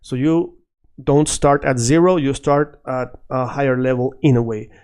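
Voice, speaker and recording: A man teaching a casual video lesson, animated and drilling words by repetition. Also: mid-range voice, moderate pace, clean tone. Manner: animated, switches between English and Spanish, repeats words for drill. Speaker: Spanish teacher.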